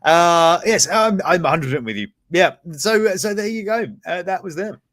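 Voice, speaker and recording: A man's voice: sits high, lively intonation, moderate pace, fairly bright tone, no room sound. Cheeky man reading news live. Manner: cheeky, sweary asides and chuckles while reading stories. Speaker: host of a news and reviews show. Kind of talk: casual live-stream chat reading news.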